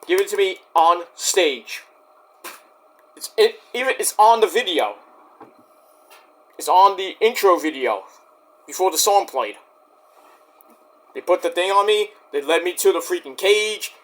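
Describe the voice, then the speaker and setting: A man's voice: high-pitched, lively intonation, measured pace, long pauses, fairly bright tone. A man in a vlog ranting straight at his critics, defensive and indignant, swearing and rambling with restarts. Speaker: YouTube wrestling reviewer.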